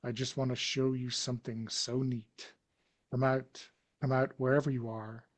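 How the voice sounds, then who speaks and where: A man voicing an unseen killer who coaxes and menaces in a ragged, breathy voice during a tabletop horror game. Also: mid-range voice, little pitch movement, moderate pace, lightly acted. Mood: coaxing menace.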